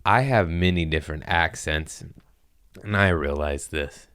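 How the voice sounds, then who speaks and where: A male comedian hosting a podcast, talking in a loose, rambling way and sliding into goofy put-on voices. His voice sits low and sounds smooth and clean. The talk is casual and full of jokes. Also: a little slow, fairly bright tone, no echo, studio quality. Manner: rambling, jokey, slips into silly voices. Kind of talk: casual chat.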